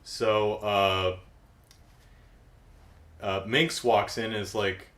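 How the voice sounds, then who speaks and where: A man's voice: on the low side, fairly even intonation, drawn-out words, fairly bright tone. A middle-aged man recapping a cartoon episode in casual comedic talk, dry and sarcastic, acting out the characters' lines.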